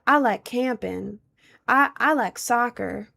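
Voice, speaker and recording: A woman's voice: fairly high pitch, slow, gravelly, bright, forceful tone, exaggerated voice. A young woman putting on a voice with an accent for a laid-back, outdoorsy young man, drawing out her words. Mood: easygoing. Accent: put-on accent.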